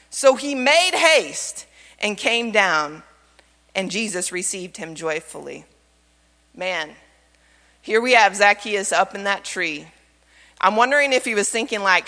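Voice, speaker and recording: A woman pastor delivers an expressive sermon, throwing out rhetorical questions to her church. Her voice is bright and forceful. It rings with the long reverb of a church hall. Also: mid-range voice, a little slow. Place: church sanctuary.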